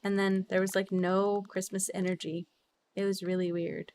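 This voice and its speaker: A woman's voice: flat delivery, normal speed, no echo. Bubbly young woman streamer, swears freely. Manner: bubbly, swears freely, laughs often, big jumps in pitch. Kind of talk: casual livestream chat while gaming.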